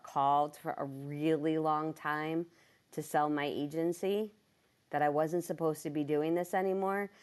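A woman who runs a business tells a personal faith story. She talks with feeling and her voice jumps high when she acts out her own thoughts. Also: measured pace, smooth. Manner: animated, emotional, jumps high when quoting herself. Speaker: business owner and speaker.

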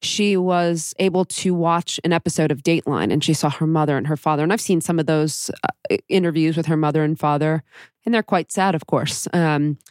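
A woman with a very deep voice hosts a podcast. She narrates and explains in a steady, measured way. Her voice is recorded close and dry, with no room sound. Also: no echo. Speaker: podcast host.

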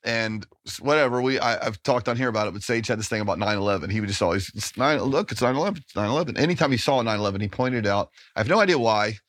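A man hosting a podcast in casual conversation, quick and affirming. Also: on the low side, fairly bright tone. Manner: quick and affirming, chiming in often. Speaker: podcast host.

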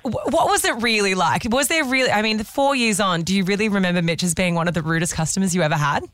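Fast, teasing woman on radio. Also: medium pitch, expressive, a bit bright, dry recording. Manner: teasing, quick-witted. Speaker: radio co-host. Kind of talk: radio banter. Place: radio studio.

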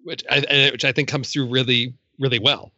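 Bright sharp guy chatting about movies, kinda dull lo-fi sound. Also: mid-range voice, level tone, fairly quick, no echo. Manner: enthusiastic, lots of "you know". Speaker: film podcast panelist. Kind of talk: casual film discussion.

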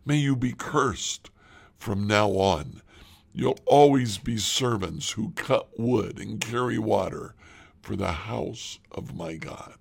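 Guy reading as stern old-time leader scolding liars, gravelly and husky. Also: fairly low pitch, sing-song, moderate pace, hardly any pauses, heavily acted.

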